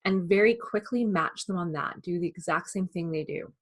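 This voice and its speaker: A woman who trains salespeople, giving a calm, measured instructional talk. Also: lowish voice, husky. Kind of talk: instructional presentation.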